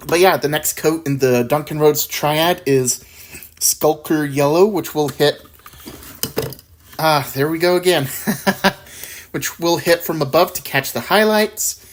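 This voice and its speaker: Low, slow-talking woman painting minis. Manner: laid-back, chuckling, thinking aloud. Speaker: miniature painting channel host. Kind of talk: casual painting tutorial.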